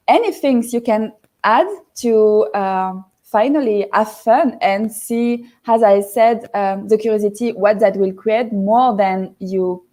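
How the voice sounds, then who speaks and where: A French woman talks in English with a clear French accent, her voice warm and mellow and a little high. She pauses and restarts often as she reaches for words. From France. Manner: hesitant, searching for words, many restarts. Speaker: guest. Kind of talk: casual interview chat.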